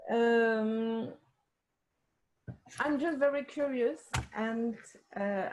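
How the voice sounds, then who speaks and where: Woman, French accent, slow and halting, slightly high voice. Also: a little mellow, low-quality recording. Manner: halting, with fillers. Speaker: group participant. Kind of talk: casual video call.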